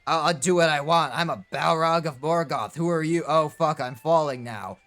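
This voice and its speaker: A man's voice: fairly high pitch, normal speed, fairly bright tone, natural voice. A man doing an arrogant fire demon. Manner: taunting.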